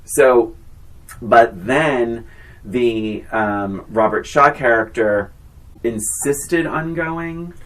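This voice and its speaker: A woman's voice: a bass voice, very slow, rough recording. A woman co-hosting a podcast, chatting casually and teasing her friend, rambling with fillers. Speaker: podcast co-host. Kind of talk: casual chat.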